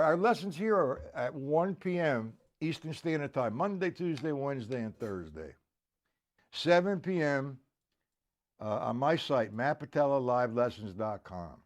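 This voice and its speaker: A man giving a live-streamed drum lesson, counting beats aloud, joking and answering viewers by name. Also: mid-range voice. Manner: casual, joking. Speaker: drum teacher.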